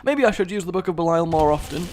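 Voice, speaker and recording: A young English man giving chatty, sarcastic let's-play commentary, rambling into asides and breaking into excited yelps. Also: a little high, fast talker. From England. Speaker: gaming YouTuber.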